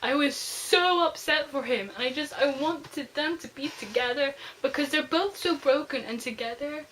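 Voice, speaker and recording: A woman's voice: high-pitched, moderate pace, fairly bright tone, a little hiss or hum, low-quality recording. A young woman gushing emotionally through a casual book review on her vlog. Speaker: book vlogger.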